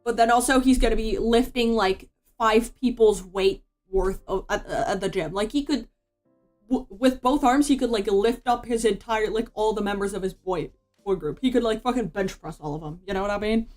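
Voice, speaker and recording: A woman's voice: mid-range voice, normal speed, a little mellow, soft background music. Rambling, slangy woman streamer. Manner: rambling, slangy, swears, says "bro". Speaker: VTuber streamer. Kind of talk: casual commentary while drawing.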